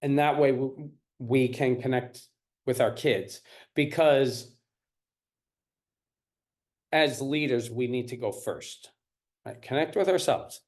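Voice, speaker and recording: A man's voice: mid-range voice, fairly even intonation, takes it slowly, long pauses, darkish tone. A man teaching a live-streamed parenting class. He repeats his points and keeps checking in with the audience. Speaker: parenting coach.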